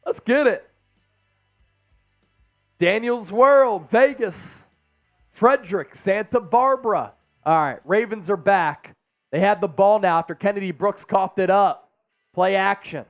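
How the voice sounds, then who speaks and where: Male stream host, high pitched, energetic casual play-by-play, dry sound. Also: unhurried, pauses often, no echo, muffled recording, soft background music. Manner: energetic, hyped fan banter. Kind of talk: excited live play-by-play commentary and chat shout-outs.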